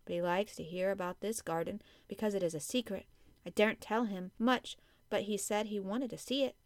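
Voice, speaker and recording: A woman's voice: medium pitch, fairly quick, no room sound, close to an everyday voice. A woman reading an audiobook, voicing an eager, earnest young girl with a raised voice.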